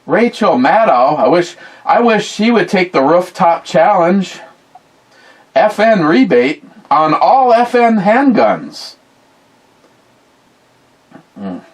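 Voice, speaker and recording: A man's voice: sits high, big pitch swings, takes it slowly, long pauses, poor audio. A man, hosting a livestream in casual chat and reading out viewer comments in a rambling, blunt way with free swearing. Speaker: livestream host.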